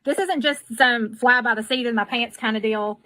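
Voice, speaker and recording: A woman giving an earnest, confiding sales pitch, played back sped up at one and a half speed. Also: moderate pace, pushed and bright, no echo. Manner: earnest, confiding, keeps saying okay. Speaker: product seller.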